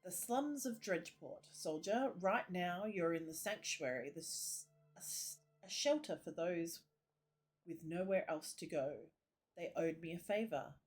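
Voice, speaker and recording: A woman voicing a kindly male priest with a gentle, lilting way of speaking, reading game dialogue aloud. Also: on the low side, lively intonation, measured pace.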